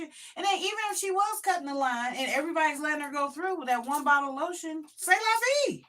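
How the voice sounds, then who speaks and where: A middle-aged woman chatting casually as a guest, telling animated stories and acting out the people in them. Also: high-pitched, moderate pace. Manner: animated storyteller, acts out quotes. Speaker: guest, the host's mother. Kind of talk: casual chat.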